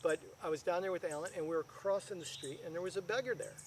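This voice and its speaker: A man, a guest financial advisor, telling stories in a casual video chat and building up to loud punchlines. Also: high-pitched, quick pace, a little hiss or hum.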